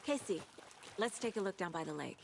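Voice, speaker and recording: An actress voicing a composed woman FBI profiler in video game dialogue, talking in a measured, analytical way. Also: fairly low pitch, animated, creaky, darkish tone, slight background noise.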